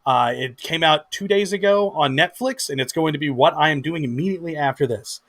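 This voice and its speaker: A man's voice: on the high side, a little fast, fairly bright tone. A man co-hosting a casual chat, dry and steering the talk along. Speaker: co-host.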